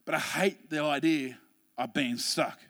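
High-voiced Australian man preaching. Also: measured pace, gravelly, big-room sound. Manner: animated, humorous storytelling with frequent restarts. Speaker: pastor. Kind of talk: sermon with personal stories.

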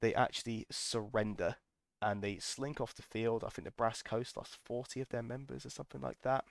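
A man's voice: medium pitch, steady tone, normal speed, creaky. A man hosting a podcast, telling a casual, enthusiastic story full of ums and restarts. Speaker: podcast host.

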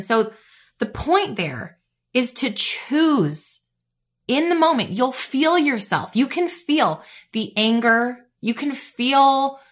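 A bubbly woman in her thirties hosts a faith-based motivational podcast. Her voice is bright and forceful and sits a little high, and she talks in a chatty, upbeat way peppered with "like.". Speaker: podcast host.

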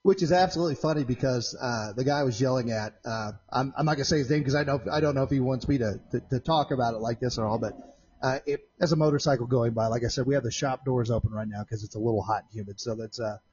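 A man hosting a casual podcast from his home shop, telling long rambling stories that get animated when he replays an argument. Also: mid-range voice, quick pace, husky, muffled recording. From Central Indiana. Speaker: podcast host. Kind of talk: casual storytelling chat. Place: home shop with doors open.

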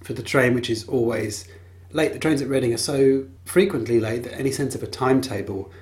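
A man's voice: mid-range voice, a little fast, a little mellow. A man hosting a podcast on his own, talking in a casual, wry and dryly humorous way. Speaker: podcast host. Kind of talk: casual solo monologue.

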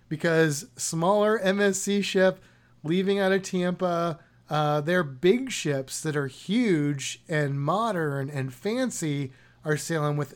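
Chatty man co-hosting a podcast. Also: fairly high pitch. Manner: chatty, rambling, joking. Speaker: podcast co-host. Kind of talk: casual podcast chat.

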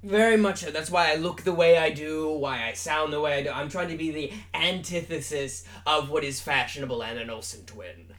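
A man plays a grandiose male rock singer convinced he is a god, booming and theatrical in a put-on British accent. The voice sits a little high for a man and rolls out every line with lofty self-importance. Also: brisk, hardly any pauses, fairly bright tone, natural voice. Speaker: mock interview guest. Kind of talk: improvised comedy interview.

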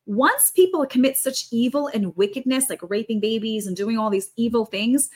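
A woman's voice: a little high, normal speed. A woman talking as a podcast guest in a fervent, preaching manner, stressing her points by repeating them. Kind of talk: conversational preaching.

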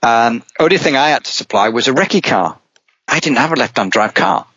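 A middle-aged man at a middle pitch spins a long, casual story from his racing days, lively and rambling, often restarting his sentences. The sound is dull and lo-fi in a dry, close space. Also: a little fast, dry recording. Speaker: rally driver guest. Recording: dull, dry podcast audio.

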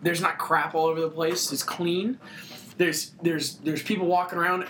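A man's voice: on the high side, level tone, moderate pace, noisy background. A man co-hosting a podcast in casual chat, telling stories with enthusiasm and acting out quotes. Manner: enthusiastic storyteller who acts out quotes. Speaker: podcast co-host.

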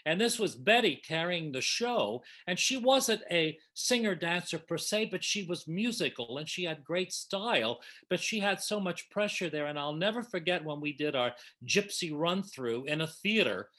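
An older man recounts old memories in an effusive, emotional way. His voice sits a touch high and rings bright and forceful. It is an easygoing chat. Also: expressive, normal speed, hardly any pauses. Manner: warm, emotional, effusive reminiscing. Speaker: panel guest reminiscing. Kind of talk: casual storytelling.

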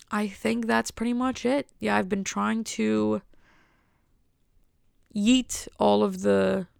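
A woman's voice: medium pitch, gravelly, clean tone, dry recording, studio quality. A young American woman talking casually to her viewers in a rambling, enthusiastic and wry way. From United States. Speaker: vlogger. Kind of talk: casual monologue.

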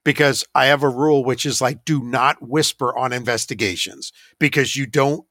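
A man who leads a paranormal investigation team tells a casual anecdote in a chatty, self-deprecating way, laughing now and then. His mid-range voice has a fairly bright tone at a moderate pace, recorded at studio quality with no room sound.

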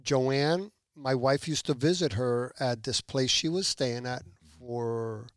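Speaking slowly in a mid-range voice, a man from Puerto Rico animatedly recounts a testimony as a podcast guest, taking on the voices of the people he describes. The studio sound is clean, with no echo.

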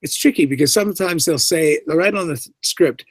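A man, an actor being interviewed, telling stories in a lively way, acting out the lines he quotes, with lots of "you know" along the way. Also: a little high, fairly quick, no echo. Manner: animated, acts out quoted lines, many fillers. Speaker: voice and screen actor, guest. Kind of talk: casual interview storytelling.

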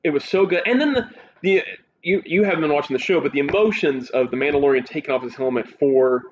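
This is a casual chat in which a male co-host, an eager storyteller, excitedly and animatedly recounts a show. His voice is a little high and fast. The audio is slightly muffled and dull, with a faint hiss.

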